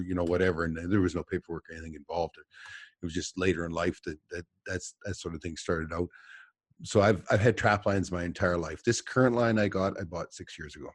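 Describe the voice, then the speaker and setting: Male guest, deep and husky, rambling storyteller who laughs a lot. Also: no room sound, studio quality. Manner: rambling storyteller, chuckles often. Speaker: guest trapper. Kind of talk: casual podcast chat. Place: office.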